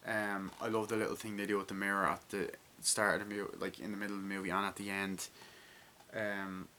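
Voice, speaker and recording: A man's voice: on the low side, flat delivery, brisk, bright, forceful tone, slight background noise. A man with an Irish accent giving a casual, rambling and enthusiastic movie review, swearing now and then.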